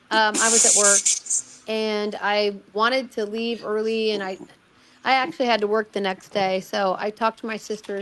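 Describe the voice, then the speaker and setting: Middle-aged woman, higher voice, casual storyteller, animated, restarts often, acts out the quotes. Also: a little hiss or hum. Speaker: guest recounting a personal experience.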